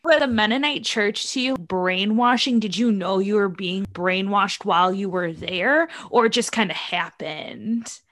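A woman's voice: mid-range voice, a little slow, few pauses, fairly bright tone. Woman co-host, chatty, probing, casual podcast talk. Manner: chatty, asks probing questions. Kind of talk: casual interview chat.

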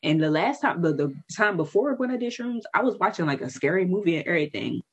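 A woman in casual chat, blunt and animated, swearing freely and jumping high when heated. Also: fast, breathy edge.

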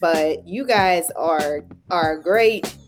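A woman co-hosting a casual podcast speaks in an easygoing, grateful tone. Her voice sits low for a woman. Music is clearly audible under her talk. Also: extremely slow. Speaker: podcast co-host.

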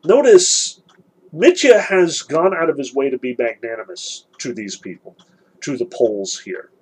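A man's voice: mid-range voice, lively intonation, measured pace, darkish tone, husky, poor audio. A man giving an earnest literature lecture, reading passages and analyzing them, emphatic with frequent restarts.

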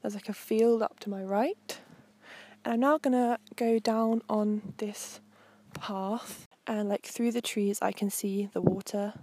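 A young woman with a mid-range, mellow voice hosts a walk along a coastal path, speaking at an unhurried pace in a steady tone. Her outdoor narration is casual and chatty, wandering from point to point with plenty of ums.

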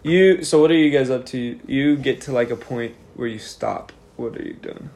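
A man running a tabletop game among friends, his voice mid-pitched and easygoing. He narrates and makes quick rulings in loose, casual talk. Faint noise sits behind him. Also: darkish tone. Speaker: game master.

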